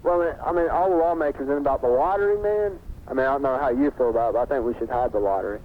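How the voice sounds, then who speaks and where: A man's voice: mid-range voice, rapid-fire. A young man calling into a radio show, rambling and agreeable, with lots of "like" and "I mean". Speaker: caller. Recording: tinny phone line on radio with faint hiss.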